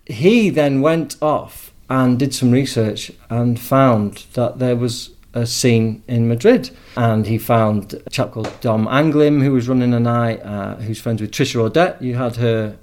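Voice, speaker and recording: Middle-aged english guy on a podcast, chatty, keeps restarting his sentences, medium pitch. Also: measured pace, hardly any pauses, darkish tone. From England. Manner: many restarts and repeated words. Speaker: podcast guest. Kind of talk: casual interview storytelling.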